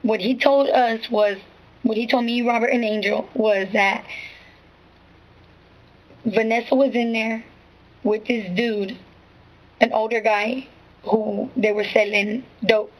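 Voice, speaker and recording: A witness gives her statement to an interviewer in street slang, rambling, repeating herself and saying "you know what I'm saying" again and again. Her voice is a little high with fairly even intonation, and she speaks slowly with frequent pauses. The recording is rough.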